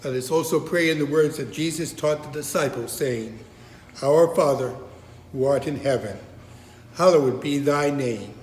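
A man leading prayer and preaching as pastor, measured and solemn, recorded in a church sanctuary. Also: a little high, a little mellow, slight background noise. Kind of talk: prayer and sermon. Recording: reverberant hall.

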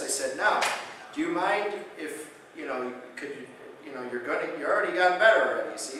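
Animated male lecturer in an echoey hall. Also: a little high, brisk. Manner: animated storyteller, acts out patient quotes loudly. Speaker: chiropractor lecturing at a conference. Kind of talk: conference lecture with storytelling. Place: conference hall. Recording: echoey hall, distant mic.

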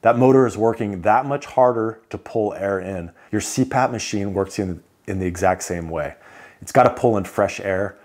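A man's voice: lowish voice, normal speed, a little mellow. A man casually running through sleep equipment picks, chatty with joking asides. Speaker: CPAP equipment reviewer. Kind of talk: casual product rundown.

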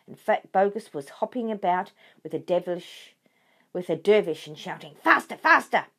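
A woman reading a children's book aloud in a clear, expressive way. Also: on the low side, moderate pace. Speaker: storyteller for children.

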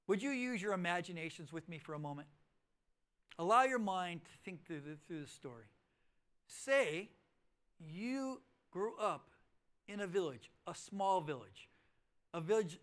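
This is a middle-aged man with a high voice giving a sermon in a church auditorium. As he tells his story, he shifts back and forth between urgent, loud stresses and quiet, whispered lines.

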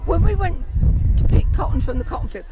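Woman, high lively voice, storytelling, loud street noise behind. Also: brisk. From England. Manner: lively storyteller, acts out quotes. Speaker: passer-by. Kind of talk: casual street chat. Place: outdoors on a city street.

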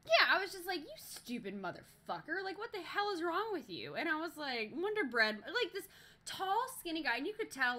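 Young woman on a live stream, bright voice, rambly and sweary, lots of ums and restarts. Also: medium pitch. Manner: animated, profane, lots of fillers and restarts. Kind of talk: casual live-stream storytelling.

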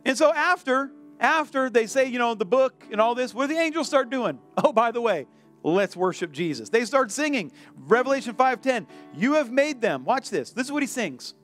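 A male pastor preaching a sermon in a church, animated, acting out the voices of the people in his story. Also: extremely high pitch, moderate pace, soft background music. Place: church sanctuary.

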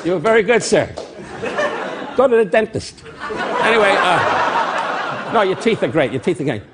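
A man in his eighties, a guest comedian on a talk show, firing off mock insults and quickly taking them back. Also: sits high, very animated, over a noisy crowd. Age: 80s. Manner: rapid jabs, mock insults, then quick take-backs. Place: TV studio before live audience. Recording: TV broadcast with loud audience laughter and noise.

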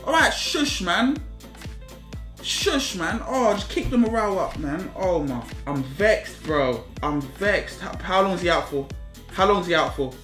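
A young man commentating live on his own football game, repeating himself and shouting in frustration at his players. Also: high-pitched, animated, unhurried, reverberant, faint music behind. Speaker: gaming YouTuber.

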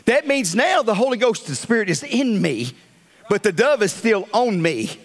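A man preaching a fiery sermon as pastor, swinging between loud calls and hushed asides. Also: sits high, sing-song, normal speed.

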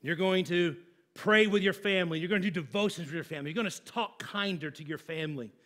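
A man's voice: sits high, quick pace, fairly bright tone. A man, a pastor, preaching a sermon in a conversational, emphatic way with everyday examples.

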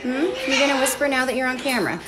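A woman caring for rescued parrots films a live feed on her handheld phone in an indoor rescue room. Animated and rapid-fire, she moves between explanations for viewers and high, sing-song baby talk to the birds, with loud parrot squawks and chatter behind her.

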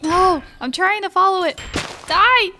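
High, bright giggly woman gamer. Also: expressive, normal speed, a little hiss or hum. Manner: giggly, reactive, exclaims during play. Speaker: gaming channel host. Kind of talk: casual gameplay commentary.

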